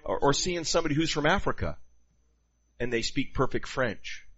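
A man delivering a sermon in a lively, chatty way, dropping quick asides to his listeners. His voice sits in a middle range and comes through a slightly dull, lo-fi recording. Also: mid-range voice, husky. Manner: animated, conversational preaching with quoted asides.

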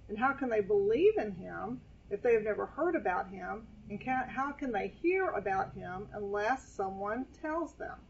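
A woman pastor, preaching a casual sermon in a chatty, animated way while seated at a table. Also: mid-range voice, gravelly, breathy edge. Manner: chatty, animated, scripture quoting. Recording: dull lo-fi sound.

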